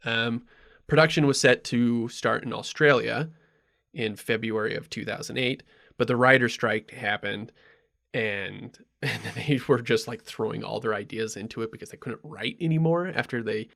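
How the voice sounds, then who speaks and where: A man's voice: mid-range voice, moderate pace, vocal fry, fairly bright tone. A man hosting a podcast, telling a rambling story in casual chat, full of ums and asides. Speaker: podcast host.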